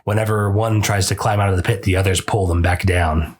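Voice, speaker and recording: A man playing an offhand, deep-voiced devil. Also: fairly even intonation, a little fast. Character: matter-of-fact male devil giving a tour of hell.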